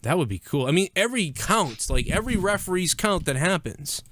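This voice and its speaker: A man's voice: high-pitched, big pitch swings, a little fast, fairly bright tone, no room sound, studio quality. A man co-hosting a live-streamed podcast in casual, crude banter, from the US Northeast. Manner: crude, profane, laughing banter. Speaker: podcast co-host.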